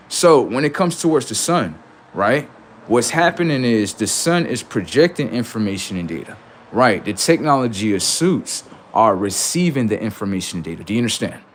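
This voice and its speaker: A man's voice: medium pitch, animated, normal speed, slight background noise. A man hosting a livestream, talking casually in slangy speech and preaching in rhetorical questions, acting out both sides of imagined exchanges. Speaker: livestream host.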